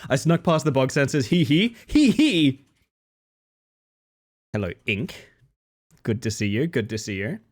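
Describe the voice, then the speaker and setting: A man's voice: mid-range voice, expressive, normal speed. A young man streaming live while a little sick, his voice a bit off, bantering playfully with his viewers. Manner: playful, jokey banter, greeting viewers by name.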